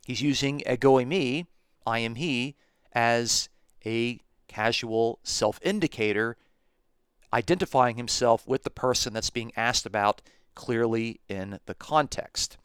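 A man hosting a podcast, reading Bible verses aloud and explaining them in a measured way, slowing down to stress key phrases. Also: medium pitch, fairly bright tone, clean tone, no echo, studio quality. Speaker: podcast host teaching on scripture.

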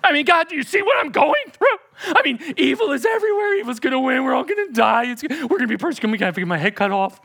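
A man's voice: very high-pitched, wildly swooping pitch, unhurried, creaky, pauses often, sharp tone, voice pushed up, heavily acted. A man playing a panicky churchgoer who is sure evil will win, whiny and frantic.

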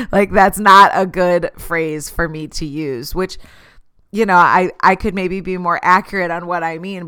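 A woman's voice: fairly low pitch, fairly bright tone, clean tone. A middle-aged woman talking candidly about conflict and growth, telling personal stories and acting out what people said. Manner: candid, storytelling, acts out quoted lines. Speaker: speaker sharing life lessons. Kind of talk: reflective personal talk.

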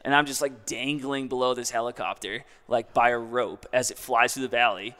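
A man's voice: medium pitch, steady tone, fairly quick, sharp tone, long reverb tail. A young man casually telling a long story as a guest, in a laid-back way full of "like".

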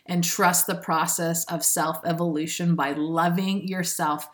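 Low-voiced woman giving spiritual pep talk. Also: little pitch movement, unhurried. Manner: earnest, preachy, with frequent laughs. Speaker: spiritual self-help speaker. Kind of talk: motivational monologue.

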